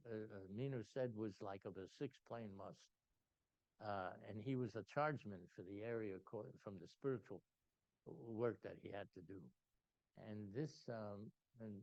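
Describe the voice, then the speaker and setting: An older man telling a personal story to a gathering, animated and full of restarts. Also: lowish voice, no echo, lo-fi sound. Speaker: invited speaker.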